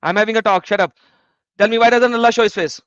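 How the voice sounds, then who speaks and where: A man's voice: high-pitched, quick pace, fairly bright tone, no room sound, highs cut off. A man hosting a live debate stream, blunt, mocking and combative.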